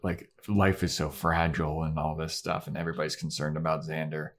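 Low-voiced young man recapping casually. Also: flat delivery, brisk, fairly bright tone. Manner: rambling retelling with acted-out quotes and swearing. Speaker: podcast co-host. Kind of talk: casual chat recapping an episode.

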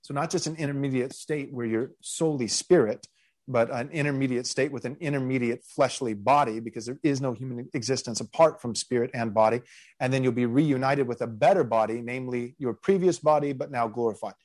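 A man's voice: medium pitch, fairly quick, darkish tone. A man who hosts a podcast as a pastor, thinking aloud earnestly in a casual theological discussion.

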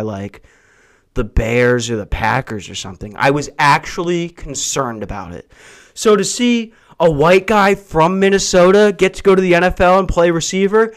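A man hosting a solo comedy podcast from a house, ranting in a crude, profane and self-mocking way. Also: fairly high pitch. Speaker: podcast host. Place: hot brick house.

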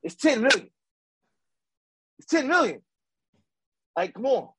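A man co-hosting a casual sports talk show, ranting with animated repetition and slang. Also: extremely high pitch, measured pace, noisy background. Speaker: podcast co-host.

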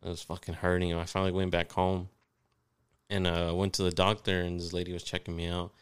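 Young guy with a deep smooth voice, laid back and swearing a lot while he tells stories. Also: completely flat delivery, fairly quick. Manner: laid-back, profane, mumbling asides. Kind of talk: casual podcast chat, storytelling.

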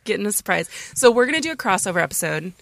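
A woman's voice: mid-range voice, big pitch swings, racing, vocal fry, fairly bright tone. A woman co-hosting a podcast live stream, upbeat in casual chat as she reads out viewer comments. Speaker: podcast co-host.

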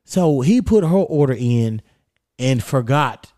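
A man hosting a podcast, telling stories in a profane, animated way with quoted back-and-forth. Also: medium pitch, takes it slowly, dry recording, clean studio sound. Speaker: podcast host. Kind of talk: casual chat, storytelling.

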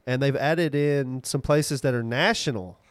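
A man's voice: medium pitch, measured pace, no echo. A man co-hosting a podcast, chatting casually and easily drifting into side tangents. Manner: easygoing, drifts into asides. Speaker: podcast co-host. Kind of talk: casual chat.

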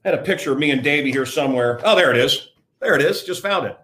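A man's voice: a little high, expressive, fast talker, bright, forceful tone. An older man hosting his own show, talking blunt and rambling in a casual monologue to camera. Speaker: host.

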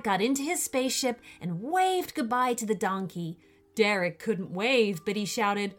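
A woman reading a children's bedtime story slowly and expressively. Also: medium pitch, animated.

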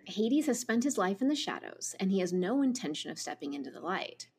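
A woman co-hosting a podcast who reads a book description aloud with expressive delivery. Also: medium pitch, fairly quick, a little hiss or hum. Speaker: podcast co-host. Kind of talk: casual chat and reading a book blurb aloud.

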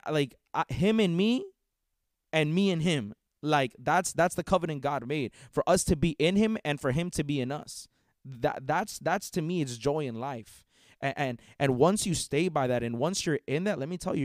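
A man's voice: fairly high pitch, no room sound, clean studio sound. Fervent man preaching. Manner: fervent, repetitive, stumbling restarts. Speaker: podcast host. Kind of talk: preaching monologue.

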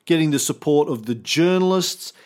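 A man's voice: on the high side, moderate pace. A man co-hosting a history podcast, talking casually with sarcastic jokes and many fillers. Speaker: podcast co-host.

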